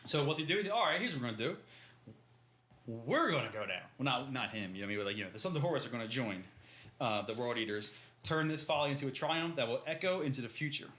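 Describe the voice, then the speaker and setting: A man's voice: medium pitch, animated, fast, a bit bright. A man co-hosting a podcast, recapping a book chapter in a laid-back, slangy way and acting out the characters' lines. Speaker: podcast co-host. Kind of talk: casual book-discussion chat.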